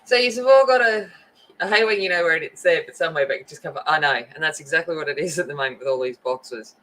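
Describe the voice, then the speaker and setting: A woman colors on a livestream while chatting and saying hello to viewers by name. Her voice sits low but has a fairly bright tone, moving at a quick pace, and the recording quality is low.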